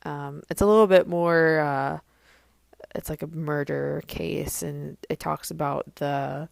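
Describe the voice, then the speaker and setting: A woman's voice: low-pitched, steady tone, slow, vocal fry, darkish tone, dry recording, clean studio sound. A young woman hosting her own podcast, talking casually and rambling with many fillers and restarts. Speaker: podcast host. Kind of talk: casual solo podcast chat.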